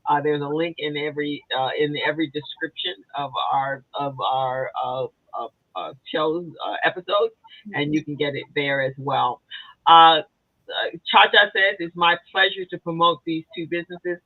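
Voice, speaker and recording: A woman's voice: low-pitched, fairly even intonation, moderate pace, no echo, phone-quality sound. A woman with an upstate New York accent, co-hosting a casual business chat show and talking in a chatty way full of fillers and restarts. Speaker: co-host. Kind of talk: casual video-call chat.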